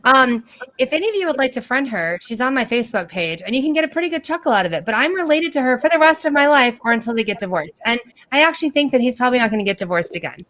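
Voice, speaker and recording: Sarcastic, high-voiced woman comedian. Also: racing, a little hiss or hum. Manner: sarcastic, animated storytelling with mocking impressions. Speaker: stand-up comedian. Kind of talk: stand-up comedy set on a video call.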